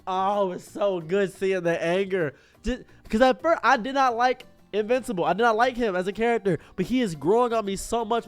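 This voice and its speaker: Excitable guy rambling about a show, highish voice, faint music behind. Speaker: streamer reacting to a show. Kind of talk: casual commentary.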